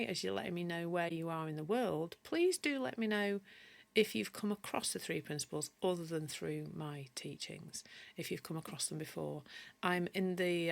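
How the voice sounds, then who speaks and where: A woman with a mild Yorkshire accent leads a live-streamed teaching session as a coach. Her voice sits fairly low and has a gravelly, fry-tinged edge. She talks in a chatty way, stops to restart and correct herself, and answers viewer comments as she goes. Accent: mild Yorkshire English. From Yorkshire, northern England. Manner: many restarts and self-corrections.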